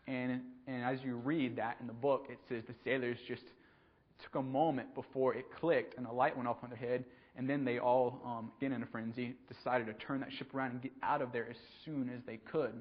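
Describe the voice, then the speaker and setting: Halting man preaching, dull recording. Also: medium pitch, steady tone. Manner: halting, frequent ums and repeated words. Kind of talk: conversational sermon.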